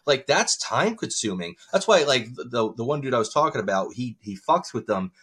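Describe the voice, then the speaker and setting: A man's voice: medium pitch, sing-song, fairly quick, a bit bright, husky. A man hosting a podcast in casual chat, talking bluntly, swearing freely and rambling with restarts. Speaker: podcast host.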